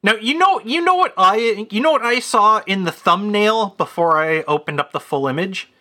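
Bright, crude-joking man. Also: high voice, animated, normal speed. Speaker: podcast co-host. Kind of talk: casual chat.

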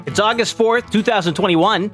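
A man's voice: high-pitched, normal speed, over loud music. A man hosting a podcast in casual, rambling chat, joking and laughing often. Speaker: podcast host.

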